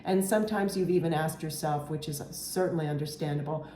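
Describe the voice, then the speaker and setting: A woman reads tarot in a low, warm voice, earnest and reassuring, often pausing to ask "okay?". She sounds close to tears at times. The sound is roomy and echoey, with a faint hiss behind it. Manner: emotional, near tears at moments. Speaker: tarot reader. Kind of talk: tarot reading to camera.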